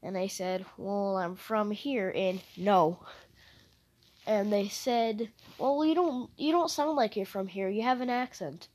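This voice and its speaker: Slow-talking rambling young woman. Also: mid-range voice, darkish tone. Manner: rambling, hesitant, trails off often. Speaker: podcast host. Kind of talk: casual solo podcast chat.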